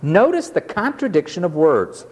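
A man's voice: high voice, big pitch swings, moderate pace, a little mellow, long reverb tail. A man preaching a sermon in an emphatic, dramatic way, acting out the voices he quotes.

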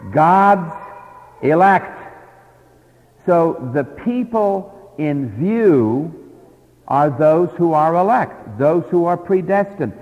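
A man's voice: fairly high pitch, lively intonation, mellow. A man preaching an expository sermon, leaning hard on key words and putting rhetorical questions to the congregation. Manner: emphatic, drawn-out stress on key words. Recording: dull lo-fi sermon recording in a reverberant hall.

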